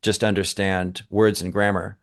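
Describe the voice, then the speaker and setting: A man with a fairly low voice co-hosts a podcast discussion. He talks in an emphatic, engaged way, working his ideas out aloud with small restarts. The sound is a close podcast microphone. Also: level tone, normal speed. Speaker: co-host, language teacher.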